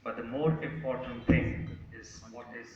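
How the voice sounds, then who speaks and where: A man voicing a gentle, wise father who patiently explains things to his young son. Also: mid-range voice, steady tone, moderate pace, noisy background, voice pushed down, natural voice. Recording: echoey hall from far off, lo-fi.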